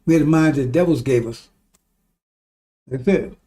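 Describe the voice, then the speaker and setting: High-voiced man preaching emphatically. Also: normal speed, warm tone. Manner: rambling, emphatic, swears when worked up. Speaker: religious teacher. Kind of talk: informal religious teaching.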